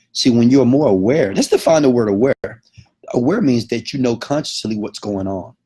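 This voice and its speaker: A man's voice: on the low side, darkish tone, husky. A man giving an emphatic motivational lecture, often checking in with the audience. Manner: emphatic, keeps checking in with okay. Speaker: motivational speaker.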